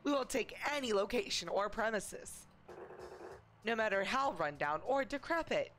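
Woman voicing a smooth-talking shark salesman, video game dialogue, pushy, bouncy lively delivery, faint music behind. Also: medium pitch, normal speed, close to an everyday voice. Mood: salesy. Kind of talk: reading game dialogue aloud.

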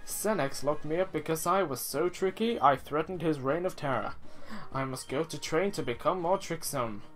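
A man's voice: a little high, normal speed, a bit bright, soft background music, close to an everyday voice. A man voicing a boastful, theatrical male trickster in a video game, with a put-on weird accent. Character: boastful self-styled famous male trickster.

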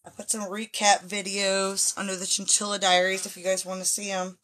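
Her voice sits at medium pitch with little movement, fairly bright and a little fast. Chatting casually and straight to viewers, the chinchilla breeder livestreams from her home with stairs using a handheld phone.

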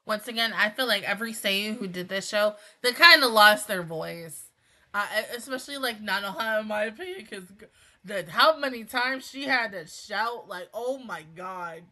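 A woman's voice: mid-range voice, animated, normal speed, sharp tone. A woman hosting an anime reaction video, chatting casually and exclaiming along as she watches.

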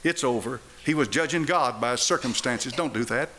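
A man's voice: mid-range voice, fairly quick, sharp tone, slight background noise. An older man preaching a sermon in church, firing rhetorical questions at the congregation. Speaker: pastor. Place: church sanctuary.

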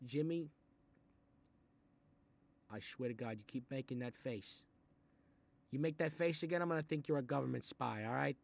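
A man doing a gravelly Italian-American mob boss. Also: mid-range voice, moderate pace, long pauses. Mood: gruff menacing. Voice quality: gravelly, threatening. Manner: grumbling asides, sudden angry outbursts, swearing. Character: gruff Italian-American mob boss father, menacing and short-tempered. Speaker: mob boss reading a children's book. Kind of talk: comedic animated character voice.

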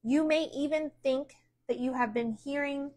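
A middle-aged American woman teaches a midweek sermon. Her voice sits a little high, and she reads passages aloud before unpacking them, often restarting a phrase. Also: fairly even intonation, normal speed, a little mellow, low-quality recording. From United States. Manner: reads aloud then explains with repeated restarts. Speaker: pastor. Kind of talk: sermon teaching, reading from a book.

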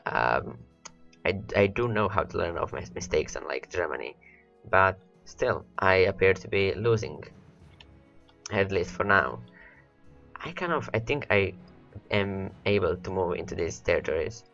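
A man's voice: sits low, lively intonation, measured pace, gravelly, a bit bright, dull audio, faint music behind. A man rambling through gameplay commentary, his voice worn and cracking from hours of talking, repeating words as he talks to his units. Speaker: let's play host.

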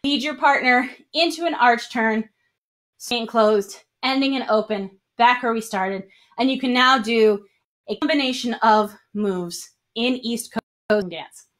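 A woman's voice: on the high side, a little slow, a bit bright. A woman dance instructor teaching a live-streamed lesson, counting steps aloud as she dances and a bit out of breath. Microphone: single mic while moving around.

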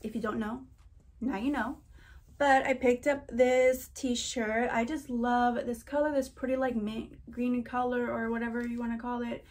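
Give me a gushing young woman vlogger talking casually to camera, with a slightly high voice. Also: level tone, unhurried, a little mellow. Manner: chatty and gushing, says freaking and oh my gosh a lot. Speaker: vlogger doing a try-on haul.

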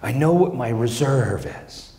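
A middle-aged man performing a stand-up comedy set on a large theater stage, telling stories with lively energy and acting out his family's voices. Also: medium pitch, unhurried. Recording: echoey live theater with audience.

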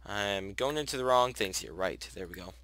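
A young man hosting a gaming channel casually comments on a life-sim let's play, chatting to his characters and gushing when something cute happens. His voice is on the low side with lively intonation at normal speed. Soft background music plays, with a little hiss or hum.

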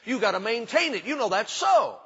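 Folksy preacher with a bright, high voice. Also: male voice, very animated, brisk, gravelly, slightly rough. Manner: folksy, emphatic preaching with repetition and humor. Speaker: pastor. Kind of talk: sermon. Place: church sanctuary. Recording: dull hall recording with long reverb.

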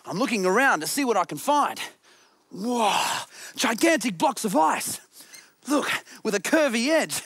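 A woman's voice: on the high side, sing-song, a little slow, a bit bright, husky, dry recording, clean studio sound. A woman presenting a children's TV show, exploring playfully, giggling and singing as she talks to the viewers. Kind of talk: children's show narration with songs.

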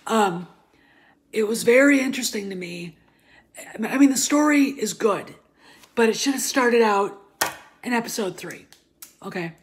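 A woman vlogger ranting in casual, profane commentary, dropping to murmurs and then flaring up loud. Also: on the high side, lively intonation, measured pace, pauses often.

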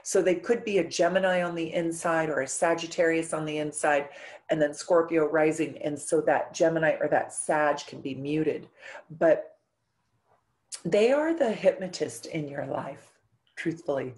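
A middle-aged woman hosts her own astrology channel and talks straight to her viewers in a relaxed, unscripted way. Her voice sits a little low for a woman. She tells stories earnestly and with feeling, slowing down for dramatic pauses. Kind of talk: casual talk to camera.

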